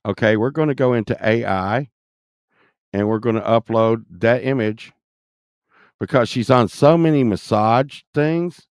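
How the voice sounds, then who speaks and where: A man's voice: mid-range voice, unhurried, no echo. A man talking casually in a rambling vlog, cursing now and then and jumping from topic to topic, recorded close on the mic. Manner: rambling, profane, jumps between topics. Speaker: vlogger.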